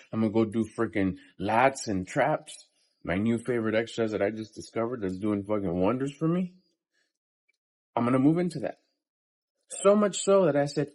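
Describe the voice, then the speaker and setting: Man in his fifties, lowish voice, blunt and cussing, pep talk mid-workout. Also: darkish tone. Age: 50s. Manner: blunt, profane and pep-talking. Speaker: vlogger. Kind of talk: casual motivational monologue.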